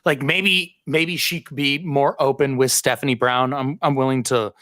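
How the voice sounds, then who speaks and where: A man co-hosting a comic book podcast over an online call, talking in a measured, hedging way. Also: medium pitch, fairly even intonation, a bit bright, no room sound. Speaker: podcast co-host. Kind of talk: casual comic book discussion. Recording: dry online call audio.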